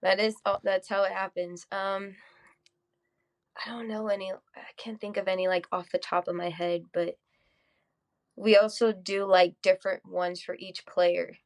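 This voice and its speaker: A teenage girl being interviewed, shy and soft-spoken, hesitant with ums. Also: medium pitch, flat delivery, measured pace. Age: teens. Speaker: high school softball player guest. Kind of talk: casual interview.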